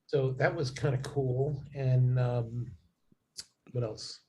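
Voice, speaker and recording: A man's voice: medium pitch, steady tone, takes it slowly, warm tone. A man talking as a guest in a casual chat, rambling with many fillers and restarts.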